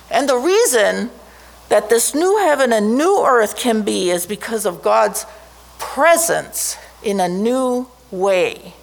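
Woman preacher, sermon, slow deliberate delivery, fairly high voice, emphatic stresses. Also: gravelly. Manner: slow, emphatic, rising sharply on key words.

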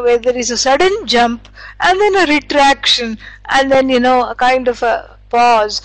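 A woman teaches in a relaxed, rambling lecture, full of "you know" and restarts. Her voice sits high, and the recording is dry and close, with little room sound. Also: no room sound, low-quality recording. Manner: meandering, conversational, many fillers and restarts. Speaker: Vedanta teacher. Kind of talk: spiritual lecture.

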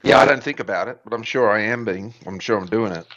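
A man's voice: fairly low pitch, fast, fairly bright tone, no room sound, highs cut off. A man, a podcast guest telling stories in a rambling, self-deprecating way, acting out voices as he goes. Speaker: podcast guest, former musician. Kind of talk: casual conversational storytelling.

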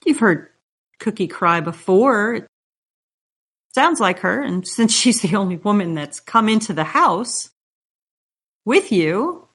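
A woman narrates a tabletop horror game as its game master, laying out scenes in calm, descriptive second person. Her voice sits at an ordinary middle pitch. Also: slow, long pauses, slightly rough.

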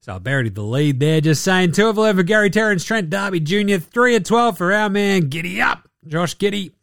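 A man's voice: high voice, lively intonation, brisk, gravelly, fairly bright tone, no echo, studio quality. An Australian man hosting a podcast, giving a sarcastic, profane basketball recap. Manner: sarcastic, swears freely. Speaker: podcast host.

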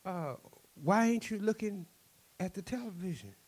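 A man's voice: on the high side, very animated, moderate pace, darkish tone, pitched above the performer's own voice. A man doing an eager, puzzled trader.

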